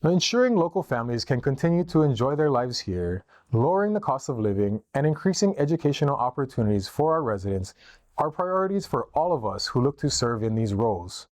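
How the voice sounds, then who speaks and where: A man from Hawaii, a political candidate, reading his campaign statement in a steady, formal way. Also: mid-range voice, brisk, no echo.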